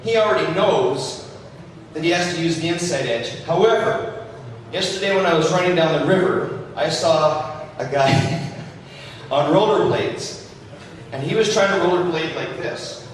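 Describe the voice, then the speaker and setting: A man teaching hockey skating to a live audience, animated and jokey as he demonstrates moves. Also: on the high side, unhurried, slight background noise. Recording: echoey hall, distant mic.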